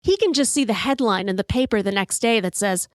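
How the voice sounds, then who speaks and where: A woman in her fifties hosting a podcast, telling a story in an animated, profane way and acting out the quotes. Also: mid-range voice, a little fast, no room sound, studio quality. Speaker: podcast host. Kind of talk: storytelling monologue.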